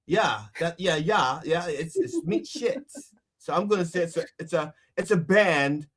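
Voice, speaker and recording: Rambling man with a high-ish voice. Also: moderate pace, fairly bright tone. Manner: rambling riffs full of restarts and "you know". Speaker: guest comedian. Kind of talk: casual comedy podcast chat.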